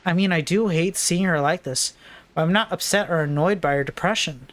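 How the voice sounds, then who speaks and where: Woman narrating a visual novel aloud. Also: fairly quick. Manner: plain, low-key narration with asides. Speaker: streamer.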